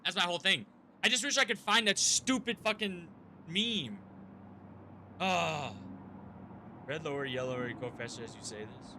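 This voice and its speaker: A man's voice: on the high side, normal speed, long pauses, pushed and bright, a little hiss or hum. A man live-streaming a game, chatting casually with his viewers, rambling and swearing freely.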